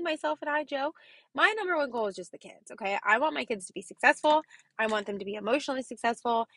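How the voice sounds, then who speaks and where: A woman's voice: a little high, fairly bright tone, no room sound. A young adult woman, a kindergarten teacher hosting a motivational podcast, speaking emphatically, repeating her points and checking in with "okay?".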